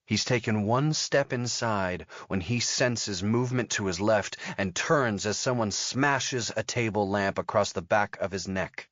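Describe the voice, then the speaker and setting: A man narrating a thriller audiobook in a steady, measured storytelling manner. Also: on the low side, no echo. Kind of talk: scripted narration.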